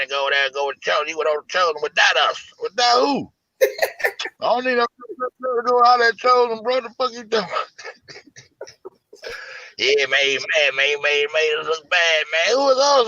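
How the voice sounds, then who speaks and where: A man hosting a show in a casual livestream rant, profane, animated and incredulous. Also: a little high, dull audio. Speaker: show host.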